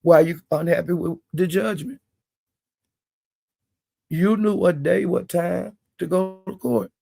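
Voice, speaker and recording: Older man, blunt profane commentary, gravelly voice, dry close sound. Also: high voice, slow, dark tone, no room sound. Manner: blunt, profane, plain-spoken. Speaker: live-stream commentator.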